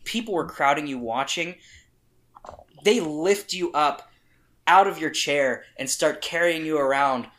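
A man narrating as game master of a tabletop role-playing game, animated and loud at times, cursing casually. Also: a little high, a little slow.

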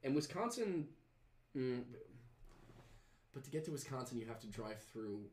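A man's voice: medium pitch, animated, moderate pace, a little mellow, echoey room, slight background noise. A man hosting a podcast, chatting casually and reading viewer comments, rambling with many fillers and restarts. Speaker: podcast host.

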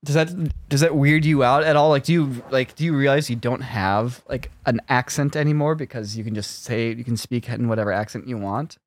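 A friendly man hosting a podcast, laughing easily and thanking his listeners and his guest. His voice sits at a middle pitch. The sound is close and dry, with no room around it. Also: steady tone, fairly quick, hardly any pauses, dry recording. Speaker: podcast host. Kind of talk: casual chat.

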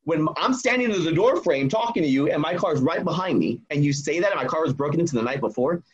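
Husky-voiced man telling a story. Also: on the high side, fast talker, lo-fi sound. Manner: animated, acts out quoted dialogue. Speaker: guest telling a personal story. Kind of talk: casual storytelling.

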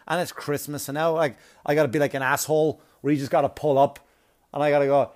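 A man's voice: fairly high pitch, little pitch movement, fast talker, a little mellow. A comedian chatting casually to his viewers, telling a rambling, profane story with asides, sounding like he has a cold.

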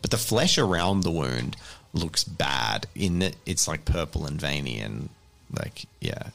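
A man's voice: rumbling low, expressive, a little slow, creaky, a bit bright. A man narrating as game master of a tabletop game, rambling and hedging with fillers.

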